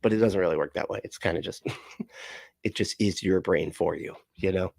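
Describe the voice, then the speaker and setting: A man's voice: sits low, moderate pace, gravelly, a little mellow, dry recording. A man streaming casually, reading chat comments aloud, rambling with frequent laughs and swearing. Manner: rambling, laughs often, profane asides.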